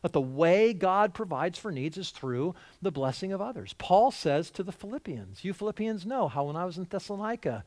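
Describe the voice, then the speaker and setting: A middle-aged male pastor preaching a sermon in a church, animated, acting out quoted voices and moving between loud emphasis and hushed lines. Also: high voice, no room sound. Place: church sanctuary.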